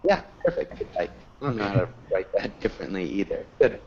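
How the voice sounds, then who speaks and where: A man leads an English lesson over a video call, his voice rising and falling in a very lively way. He keeps praising and encouraging his students. The audio is dull and lo-fi. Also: lowish voice, fast, slight background noise. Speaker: English teacher. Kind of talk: online language class.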